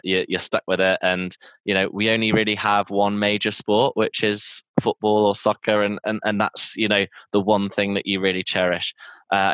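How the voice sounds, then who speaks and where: A man's voice: lowish voice, a bit bright, clear, resonant tone, no room sound, muffled recording. A man co-hosting a podcast, chatting casually and rambling with ums and restarts. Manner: rambling, lots of ums and restarts, laughs easily. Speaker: podcast co-host.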